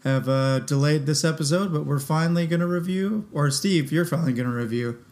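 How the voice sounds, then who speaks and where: A man's voice: on the high side, brisk, a little mellow. A man co-hosting a podcast in casual chat, easygoing and playful. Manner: easygoing, playful, laughs along. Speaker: podcast co-host.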